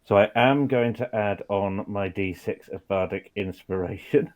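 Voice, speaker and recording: A man playing a tabletop game who describes his character's moves and often clears his throat. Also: fairly low pitch, a little slow, a little mellow, muffled recording. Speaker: player.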